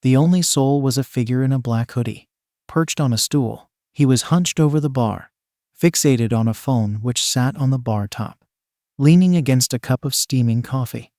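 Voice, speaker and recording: A man narrates a story in a steady, even reading voice. His pitch is medium for a man. The sound is dry and close, with no room around it. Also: moderate pace, dry recording. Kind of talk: fan fiction reading.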